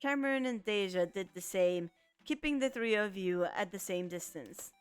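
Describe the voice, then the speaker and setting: A woman's voice: medium pitch, lively intonation, normal speed, clear, resonant tone, dry recording, faint music behind. A woman streaming a visual novel, reading its narration aloud and often stumbling and restarting over the words. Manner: reads with frequent stumbles and restarts. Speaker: let's play streamer.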